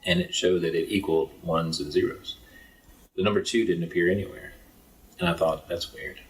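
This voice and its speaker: Podcast guest: low-voiced reflective man from East Texas, neutral accent, sits a bit off the mic. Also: fairly even intonation, normal speed, distant mic, rough recording. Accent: neutral American, faint Texas trace. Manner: earnest, reflective storyteller. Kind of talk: casual conversation.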